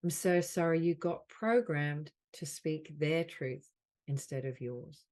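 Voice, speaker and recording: A woman leading a guided healing session as a soul mentor on a group call. She speaks in slow, soothing, repeated phrases. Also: sits low, darkish tone. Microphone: video call.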